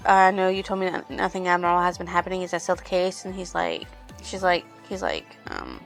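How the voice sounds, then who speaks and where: A woman's voice: on the low side, vocal fry, a bit bright. A woman reviewing a book, rambling through the plot in a casual retelling full of "she's like" quotes.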